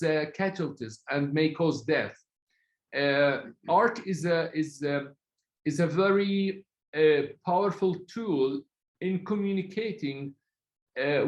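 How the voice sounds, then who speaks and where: A man from Palestine, speaking as a guest in an online talk in an earnest, halting way, often searching for words. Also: on the high side, reverberant, low-quality recording.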